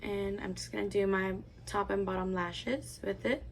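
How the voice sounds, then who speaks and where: A woman's voice: medium pitch, fairly even intonation, normal speed, few pauses, slight background noise. A young woman vlogger chatting casually, filling her talk with "like" as she tells a personal story while doing her makeup. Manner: chatty, rambling, lots of "like" fillers. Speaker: beauty vlogger.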